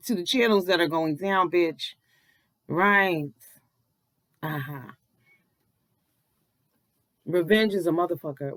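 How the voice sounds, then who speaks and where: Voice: medium pitch, moderate pace, fairly bright tone, no room sound, poor audio. A vlogger giving blunt, profane, preachy commentary in an early-morning voice, just out of bed. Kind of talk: casual commentary.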